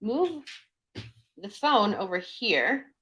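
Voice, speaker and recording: A woman's voice: mid-range voice, big pitch swings, extremely slow, bright, forceful tone, low-quality recording. A young woman from Ukraine, hosting a casual livestream in a chatty way, with many fillers and sarcastic asides. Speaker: livestream host. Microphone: desk mic.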